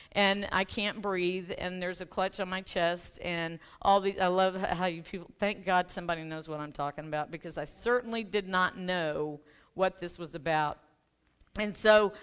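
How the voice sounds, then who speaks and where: A guest speaker who works as a life coach, this woman preaches a chatty, self-deprecating sermon in a church sanctuary. Her mid-range voice is clean and a bit bright, and she tells a personal story while laughing with the congregation.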